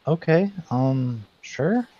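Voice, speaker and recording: A man's voice: mid-range voice, lively intonation, mellow. A man playing a character in a tabletop game, answering hesitantly. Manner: hesitant, slow. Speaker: player. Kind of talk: tabletop role-play. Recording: dull lo-fi mic.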